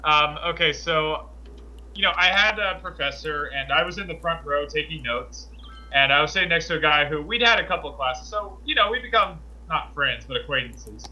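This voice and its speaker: Man, casual storyteller, very bright voice, slightly high, animated, acts out quotes. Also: moderate pace, muffled recording. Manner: animated, indignant retelling with acted quotes. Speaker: podcast host telling college stories.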